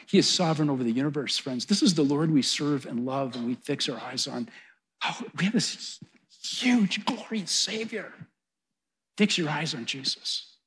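A middle-aged man preaching a sermon, swelling to loud, fervent peaks and then dropping soft. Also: on the high side. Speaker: pastor.

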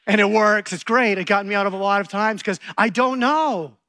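A man's voice: high voice, a little fast, few pauses. A middle-aged man preaching a sermon, telling stories and acting out quotes with animation. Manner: animated storytelling, acts out quotes.

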